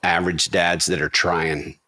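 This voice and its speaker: Male podcast host, deep voice, self-mocking chatty storyteller. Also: flat delivery, unhurried, sharp tone. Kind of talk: casual podcast chat.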